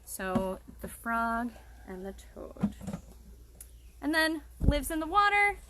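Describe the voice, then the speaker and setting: A woman's voice: high-pitched, very animated, takes it slowly, heavy background noise. A woman educator giving a cheerful live-streamed nature lesson for children outdoors by a pond, explaining things and speaking directly to her young audience. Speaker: wildlife educator.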